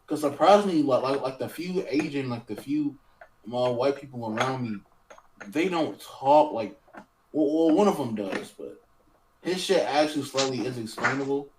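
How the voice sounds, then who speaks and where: A man's voice: medium pitch, lively intonation, normal speed, darkish tone. A man co-hosting a casual podcast chat, laid-back and slangy, often trailing off and restarting. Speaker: podcast co-host. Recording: roomy mic with faint noise.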